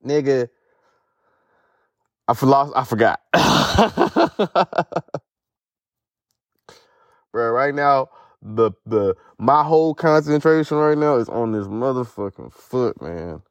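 A man's voice: medium pitch, expressive, takes it slowly, long pauses, no room sound. A young man hosting a podcast alone, talking casually in a rambling, profane way while in pain from a foot injury. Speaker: podcast host. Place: sitting outdoors at home.

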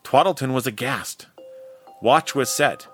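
A man narrating a Victorian ghost story in a measured, expressive storytelling manner. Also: medium pitch, slightly rough, faint music behind.

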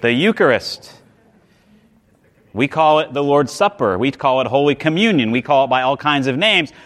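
A man's voice: mid-range voice, animated, moderate pace, fairly bright tone. A male pastor preaching a sermon, emphatic, often repeating words and restarting phrases.

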